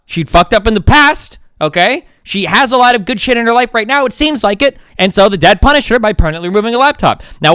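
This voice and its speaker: Fast, fired-up ranting man. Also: high-pitched, a bit bright, smooth, no room sound, studio quality. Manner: profane, indignant, sarcastic. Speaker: streamer. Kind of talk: heated livestream rant.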